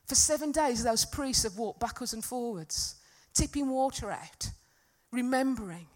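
A woman delivering a sermon in a church hall, with a voice sitting a little high. She talks earnestly, rising to loud emphatic peaks and then sinking back to a soft, confiding tone. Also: unhurried. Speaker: preacher.

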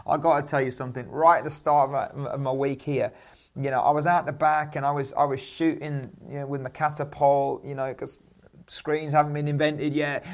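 A man voicing a guilty young boy who rushes out an earnest confession. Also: fairly high pitch, gravelly.

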